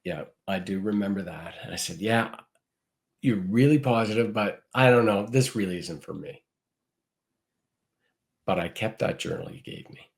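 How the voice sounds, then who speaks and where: A man's voice: lowish voice, moderate pace, gravelly, long pauses. A man being interviewed as a gratitude speaker, earnestly telling a story and acting out the quoted dialogue. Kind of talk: interview answers.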